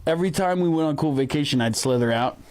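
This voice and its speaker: A man co-hosting a comedy podcast, playing a sketch deadpan with absurd rambling questions. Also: fairly high pitch, quick pace.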